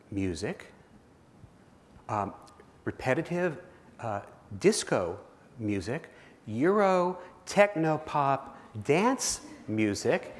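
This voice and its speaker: A man giving a keynote speech, telling a vivid second-person story to a live audience in a large auditorium. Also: mid-range voice. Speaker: keynote speaker. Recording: long reverb of a big hall.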